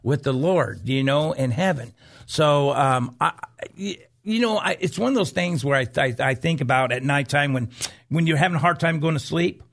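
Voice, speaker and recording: Gravelly man in preacher-style faith talk. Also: fairly high pitch, moderate pace, fairly bright tone. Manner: conversational, many restarts and "you know". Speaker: co-host of a Christian talk show.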